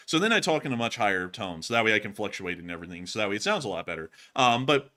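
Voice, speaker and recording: A man's voice: rapid-fire, few pauses. A man hosting a live-stream news show, reading viewer questions and answering them in an emphatic, raised on-air voice while recovering from vocal strain. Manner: raised on-air voice pushed higher for excitement; emphatic, repeats stock thank-yous. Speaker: livestream war news host.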